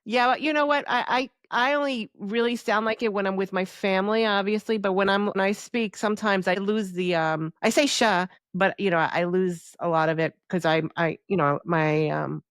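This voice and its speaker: A woman's voice: medium pitch, normal speed, few pauses, no room sound, studio quality. A woman from New York with Argentine family, co-hosting a casual podcast and telling stories candidly with plenty of swearing. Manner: candid storyteller who swears freely. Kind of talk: casual chat.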